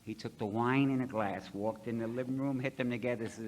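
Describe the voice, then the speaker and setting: A man's voice: medium pitch, steady tone, brisk, noisy background. A middle-aged man from Ohio, telling his recovery story to an audience in a folksy, blunt way and acting out the dialogue himself. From Ohio, USA. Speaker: speaker at a recovery convention.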